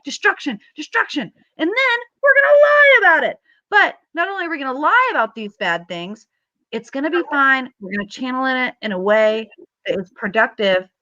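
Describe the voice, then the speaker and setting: A woman hosting an astrology show, chatting casually and telling animated stories with acted-out quotes. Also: fairly high pitch, no echo, muffled recording. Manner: animated storytelling, acts out quotes in a rising voice.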